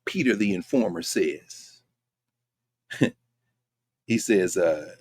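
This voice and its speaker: A man's voice: low-pitched, expressive, slow, no echo, studio quality. A man hosting a lecture-style commentary show, talking emphatically and conversationally and putting rhetorical questions to his listeners. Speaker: host.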